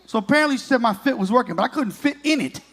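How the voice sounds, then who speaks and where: A man's voice: very high voice, lively intonation, rapid-fire, fairly bright tone. A man in his late thirties doing a profane stand-up comedy set on a club stage, teasing the crowd. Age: 30s.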